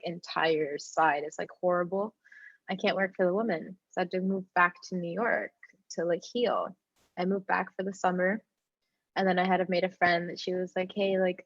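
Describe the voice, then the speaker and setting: A young woman telling the story of her life in casual talk, animated, with a lot of "like", and she acts out the other people. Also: fairly low pitch, dry recording, dull audio.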